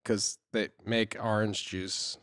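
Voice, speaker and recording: A man co-hosting a podcast talks in a quick, playful way, teasing his guest and then backing down. His voice is smooth and clear, and it sounds dry and close with no room around it. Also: on the low side, little pitch movement, a bit bright, dry recording. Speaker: podcast host. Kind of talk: casual chat. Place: podcast studio.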